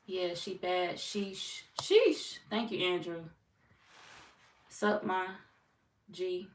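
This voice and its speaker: A young woman hosting a tarot livestream, reading viewer comments aloud and chatting in a relaxed, teasing way with lots of slang and laughter. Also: fairly low pitch, slow, recorded from a distance. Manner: laid-back, teasing, laughs often, slangy. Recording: roomy echo, off-mic, faint noise.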